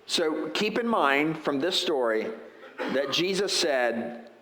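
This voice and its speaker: Bright-voiced preacher man in an echoey church. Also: fairly high pitch, very animated, slow pace. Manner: conversational preaching with rhetorical asides. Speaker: pastor. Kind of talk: sermon. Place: church sanctuary.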